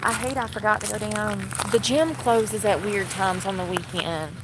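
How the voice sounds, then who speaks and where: Outdoors with the sound of boats and water around her, a young woman from North Carolina vlogs to her phone camera. Her medium-pitched voice moves at normal speed as she rambles chattily and laughs frequently.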